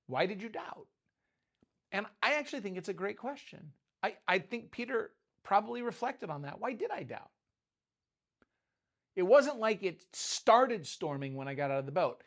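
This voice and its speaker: A man preaching in a loose, conversational way, with a slightly high voice. He jokes, trails off, and restarts his thoughts as he talks through his points. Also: lively intonation, normal speed, a bit bright. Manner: conversational, self-interrupting, joking asides. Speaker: pastor. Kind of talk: informal sermon.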